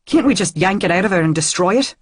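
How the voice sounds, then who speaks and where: A woman's voice: on the low side, animated, fast, husky, no echo, studio quality, pitched above the performer's own voice. A woman reading the part of an anxious, protective young man, asking urgent, alarmed questions.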